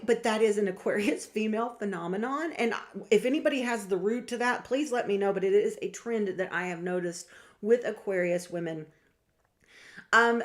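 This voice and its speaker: A young woman talking casually to her viewers about star signs, chatty and lively, often acting out what other people say. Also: medium pitch. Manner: chatty, animated, acts out quoted voices. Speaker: astrology vlogger and reader. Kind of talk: casual talk to camera.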